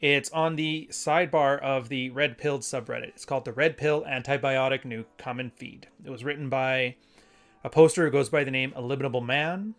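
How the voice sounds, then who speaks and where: A man's voice: medium pitch, fairly even intonation, normal speed. A man hosting a live stream, talking casually and rambling as he reads passages aloud and corrects himself mid-sentence. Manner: rambling, conversational, self-correcting. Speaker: host.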